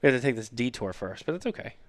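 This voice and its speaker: A man's voice: mid-range voice, expressive, rapid-fire, no echo. A man in his thirties hosting a casual podcast, telling rambling stories and swearing freely. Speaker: podcast host. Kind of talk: casual chat.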